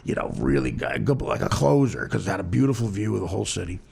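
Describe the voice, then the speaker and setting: A male podcast host with a heavily gravelly, creaky voice that swings widely in pitch. He rambles through crude stories in loose, casual banter. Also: sing-song, fast, darkish tone.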